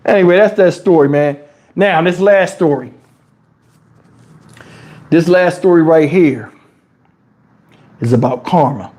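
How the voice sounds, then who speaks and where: A man from New Jersey telling casual stories on his livestream in crude street slang, animated and jumping into high, shouted tones as he retells them. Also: unhurried, long pauses. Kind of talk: casual storytelling. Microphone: wireless lapel mic.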